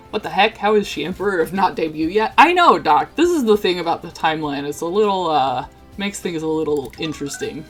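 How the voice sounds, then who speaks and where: A woman's voice: on the low side, animated, brisk, hardly any pauses, fairly bright tone, faint music behind. A woman livestreamer chatting casually with her chat and reading a game story aloud in a laid-back, chatty way, chuckling now and then.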